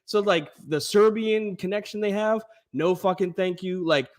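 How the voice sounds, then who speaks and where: A man co-hosting a sports podcast in a casual, animated and profane way, laughing often. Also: high voice, normal speed. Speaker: podcast co-host.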